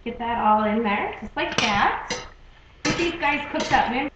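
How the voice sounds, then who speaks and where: A woman's voice: fairly high pitch, animated, measured pace, very noisy. A young adult woman hosting a casual home cooking demonstration in her kitchen, chatty and friendly, saying "okay?" and "guys" a lot. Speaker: cooking video host. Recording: echoey, dull home video recording.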